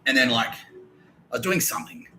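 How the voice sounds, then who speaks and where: A man's voice: medium pitch, expressive, moderate pace, sharp tone, a little hiss or hum, low-quality recording. A young adult man, hosting a podcast and telling a long comic story in a profane, meandering way, laughing between his lines. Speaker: podcast host.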